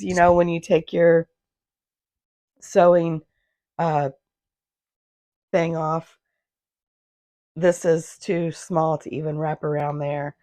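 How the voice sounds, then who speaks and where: A handmade business owner chats casually in her sewing vlog, her slightly low voice hoarse, gravelly, and a little mellow. She rambles, loses her thread, and corrects herself before restarting. Recorded on a phone in her home sewing room, the sound is dry and close with no echo.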